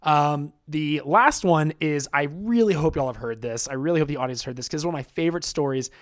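A man with a slightly higher than usual voice co-hosts a casual podcast. He explains at length in a chatty, rambling way, full of fillers and little laughs. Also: a little fast. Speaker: podcast co-host presenting quotes.

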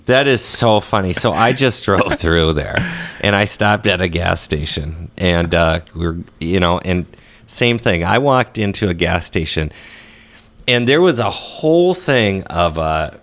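A man hosting a podcast tells his story with a lively, swinging delivery, his pitch rising and falling a lot. His voice sits on the low side. He swears freely and talks casually. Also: unhurried. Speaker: podcast host. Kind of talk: casual chat.

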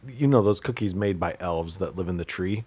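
Low husky man ranting sarcastically. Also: a little fast. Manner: sarcastic, joking rants with sudden loud outbursts. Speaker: podcast host. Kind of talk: rambling solo podcast monologue.

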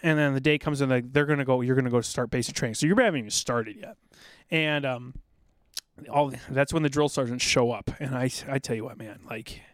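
A middle-aged man telling rambling, animated army stories in a casual podcast chat, now and then acting out drill sergeants. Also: medium pitch, a little fast, dry recording, studio quality. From South Dakota, USA. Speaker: podcast guest, military veteran.

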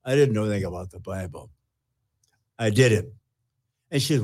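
An older man, a retired pastor, earnestly telling his personal testimony with halting restarts. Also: fairly low pitch, darkish tone.

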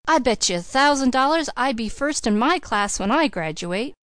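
A woman's voice: high-pitched, expressive, moderate pace, fairly bright tone, smooth, dry recording, studio quality, voice pushed up. Boastful small farm boy, chattery and eager, read by a woman. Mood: eager chatter. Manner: chattering, boastful, folksy grammar.

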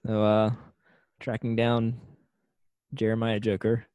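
A man's voice: fairly low pitch, slow pace, clear, resonant tone, no room sound. A man co-hosting a casual podcast, joking wryly through a TV episode recap. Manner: wry, joking, lively delivery. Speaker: podcast co-host.

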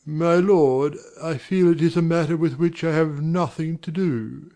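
A man's voice: on the high side, unhurried, mellow. A man playing a formal, deferential butler in an amateur drama reading. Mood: respectful. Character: faithful, deferential male butler.

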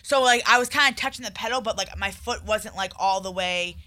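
A young woman with a very bright, sharp voice tells a story in loose casual chat, piling up fillers as she rambles. The sound is close and dry. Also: mid-range voice, brisk, dry recording.

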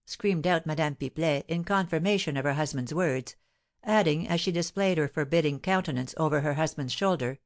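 A woman reading a novel aloud as an audiobook narrator, at a steady, even pace. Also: deep voice, fairly quick. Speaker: audiobook reader.

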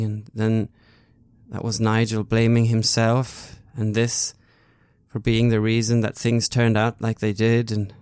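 A man's voice: lowish voice, darkish tone, clean tone, dry recording. A man playing a tabletop role-playing game in character, stammering and hesitant. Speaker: player.

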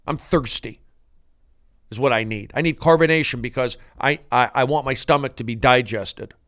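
A man's voice: mid-range voice, moderate pace, a bit bright, dry recording, studio quality. A man hosting a comedic podcast monologue, telling stories in a rambling, mock-grandiose way.

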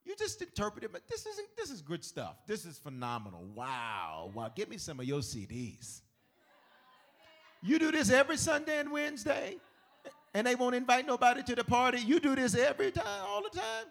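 A man voicing a boastful, grand male Pharaoh, making loud, exuberant proclamations. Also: huge pitch swings, normal speed, full character voice. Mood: gushing. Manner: booming, exuberant, laughing proclamations.

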